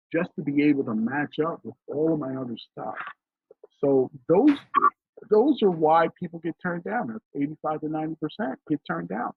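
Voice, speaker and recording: A middle-aged financial consultant from Philadelphia, telling stories emphatically in a casual interview. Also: male voice, a little high, slightly rough, dry recording. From Philadelphia, USA. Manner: emphatic, storytelling, acts out quoted dialogue. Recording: dry, tinny phone-like line.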